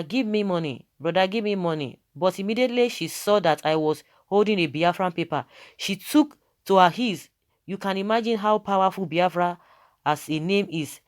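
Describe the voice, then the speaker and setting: Emphatic Nigerian man commenting. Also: fairly high pitch. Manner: switches between Pidgin and English, emphatic. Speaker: online commentator. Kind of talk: commentary reading viewer comments.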